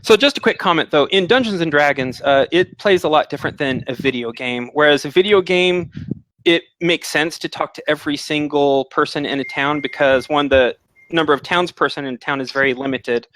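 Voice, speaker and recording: Dungeon master narrating, a bit high. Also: male voice, brisk, fairly bright tone, a little hiss or hum, low-quality recording. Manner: explanatory, with filler words. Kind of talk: narrating a tabletop game.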